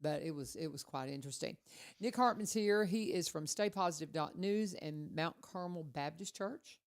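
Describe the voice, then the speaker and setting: A woman hosting a casual radio chat, telling stories in a chatty, animated way. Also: low-pitched, normal speed. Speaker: radio host.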